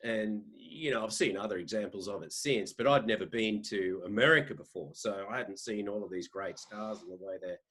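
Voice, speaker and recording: A man's voice: on the low side, brisk, few pauses, a bit bright, breathy edge. Rambling Australian man in his fifties. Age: 50s. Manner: rambling anecdotal, frequent restarts. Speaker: podcast guest, sports editor. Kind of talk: casual interview storytelling.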